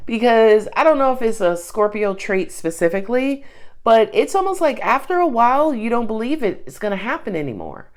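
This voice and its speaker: A woman's voice: a little high, very animated, brisk. Chatty woman giving a tarot reading. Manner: chatty, emphatic, frequent asides and quoted voices. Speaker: tarot reader. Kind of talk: casual tarot reading monologue.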